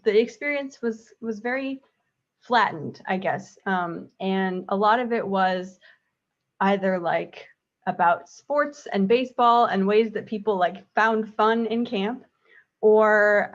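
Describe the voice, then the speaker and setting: A woman's voice: mid-range voice, lo-fi sound. A woman author on a book panel, speaking thoughtfully and hesitantly with many fillers. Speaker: graphic novel author on a panel. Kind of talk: panel discussion.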